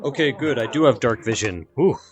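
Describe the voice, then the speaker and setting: A man playing in a roleplay session through a voice changer that pitches his voice down, talking in a dry, flat deadpan. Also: brisk, lo-fi sound. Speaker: roleplay player. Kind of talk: in-character roleplay chat.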